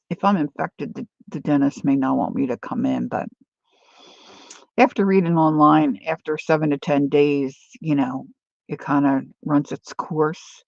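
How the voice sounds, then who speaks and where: A chatty woman crafting on camera, talking her viewers through what she is making. Her voice has a gravelly, creaky edge, and it comes across dry and a little dull, as if recorded close on a modest mic. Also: low-pitched, dry recording. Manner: chatty, reads viewer comments aloud. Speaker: craft vlogger. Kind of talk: casual crafting chat.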